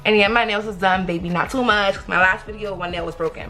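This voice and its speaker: A young woman telling viewers a story in a casual, animated vlog, talking straight to them. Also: medium pitch, brisk, soft background music. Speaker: vlogger.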